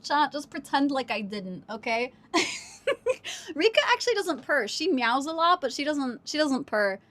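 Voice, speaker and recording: A woman streaming live from home on a wireless mic, chatting casually and giggling as she coos baby talk to her cat. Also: high-pitched.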